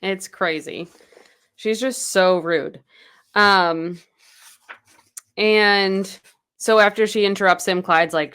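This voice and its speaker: A podcast co-host, she speaks slowly with long pauses in a mid-range voice that's smooth and a bit bright. Her casual book recap chat moves through a novel's plot loosely, with snippets of dialogue performed in quotes.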